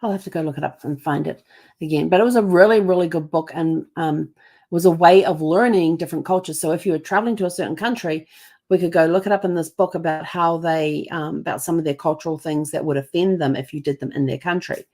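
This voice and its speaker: A woman's voice: low voice, fast, a little mellow. A woman hosting her channel, talking casually and chattily with many fillers. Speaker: channel host. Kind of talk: casual talk to camera.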